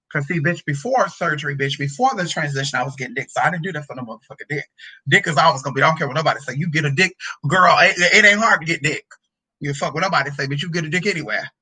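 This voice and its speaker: A woman's voice: lowish voice, sharp tone, slightly rough, rough recording. A woman talking casually to her viewers in a sassy, profane way, stopping to read scripture aloud. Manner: sassy, profane, chatty, drawls "honey" and "girl". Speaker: spiritual reader answering a viewer's question. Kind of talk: casual vlog with scripture reading.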